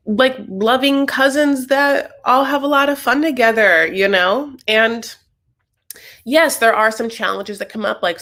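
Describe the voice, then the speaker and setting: A woman's voice: medium pitch, a bit bright. A young adult woman hosting a casual TV recap, chatty and sassy with rambling asides. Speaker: host.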